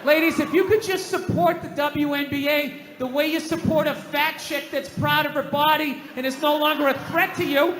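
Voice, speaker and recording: A man's voice: extremely high pitch, fairly even intonation, normal speed, hardly any pauses, slight background noise. Scornful male comic in an echoey venue. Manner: shouting, scornful ranting. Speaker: stand-up comedian. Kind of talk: stand-up routine. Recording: echoey live venue, loud audience.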